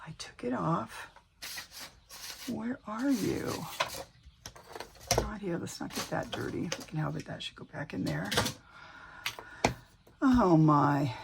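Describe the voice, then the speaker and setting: A woman's voice: low-pitched, vocal fry. Woman chatting at her craft table at home, slips into whispers, faint hiss behind her. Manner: chatty, talks to herself, drops into whispers. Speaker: crafting vlogger. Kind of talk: casual crafting chat.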